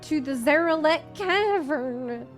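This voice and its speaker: A young woman streamer giving casual, excitable commentary while gaming, chatty and swearing now and then. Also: high-pitched, slow, faint music behind.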